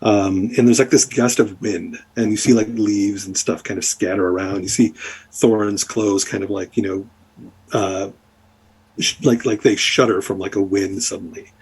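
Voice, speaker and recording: Husky DM narrator, rambling with fillers. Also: male voice, fairly low pitch, steady tone, normal speed, darkish tone. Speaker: dungeon master. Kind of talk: narrating a tabletop game.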